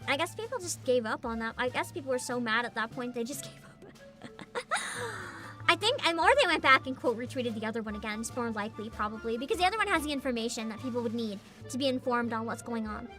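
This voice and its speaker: A woman's voice: a little high, animated, fast talker, bright, forceful tone, faint music behind. A woman streaming as a VTuber, ranting sarcastically in a casual livestream and laughing often.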